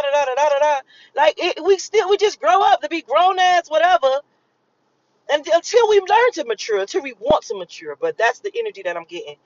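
A woman's voice sits high in a recording with no room sound and the highs cut off. She's a vlogger delivering a spiritual channeling reading as a casual, rambling monologue, emphatic and profane, with repetitions.

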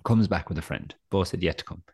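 A man's voice: deep voice, fast talker, a little mellow, slightly rough, no echo, clean studio sound. A young adult man, co-hosting a podcast and telling rambling, self-deprecating stories full of fillers. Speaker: podcast co-host. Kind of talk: casual chat, storytelling.

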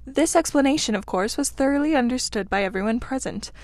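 A woman's voice: high-pitched, brisk, no echo. Woman narrating a classic storybook. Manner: clear, expressive storytelling. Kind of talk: audiobook reading of a classic children's novel.

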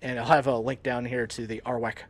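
A man hosting a podcast, chatting casually and laughing often, in a relaxed, joking way. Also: medium pitch, brisk. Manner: laid-back, jokey, laughs often. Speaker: podcast host. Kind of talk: casual chat.

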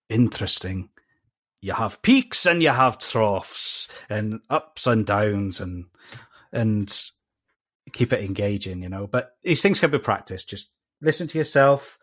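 A man's voice: fairly low pitch, a bit bright. A man guesting on a podcast, talking in a rambling, thoughtful way with many fillers. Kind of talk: casual podcast chat.

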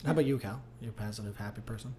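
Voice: medium pitch, very fast, mellow, slight background noise. A podcast host, teasing the guests in a playful, sarcastic way. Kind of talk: casual podcast chat.

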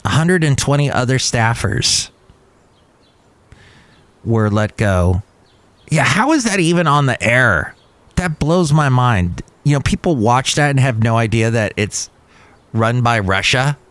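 Lively chatty male podcast host. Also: medium pitch, measured pace, pauses often, no room sound. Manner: musing, lively asides and comments. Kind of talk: casual news chat.

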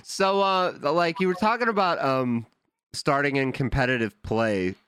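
A man's voice: on the high side, a little slow, a bit bright, smooth, no room sound. A man co-hosting a casual podcast, talking in slang, joking and laughing a lot. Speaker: podcast co-host.

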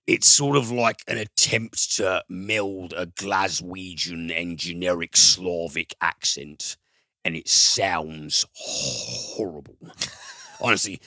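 A man's voice: sits low, sharp tone, no room sound. A man reviewing a film in casual chat, rambling and profane, with frequent fillers and restarts.

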